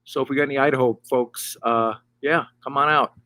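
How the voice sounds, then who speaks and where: A middle-aged man doing a loose, rambling stand-up monologue to camera from a hot tub, with deadpan punchlines. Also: mid-range voice, brisk, no echo, studio quality. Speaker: stand-up comedian, host. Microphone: camera mic.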